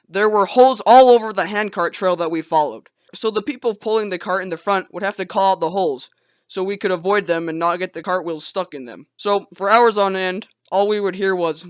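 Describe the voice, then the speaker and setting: A teenage young man narrating a comedic storytime vlog in a sarcastic, animated, joking manner. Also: sits high, fairly quick, clear, resonant tone, dry recording, clean studio sound. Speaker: vlogger.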